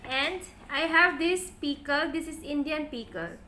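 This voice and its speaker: A woman's voice: high voice, measured pace, noisy background. A woman from the Philippines, chatting casually to camera for her home mukbang vlog in simple, plain-spoken phrasing. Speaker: family vlogger. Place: noisy family home. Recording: echoey room at home. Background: cutlery and dish clatter.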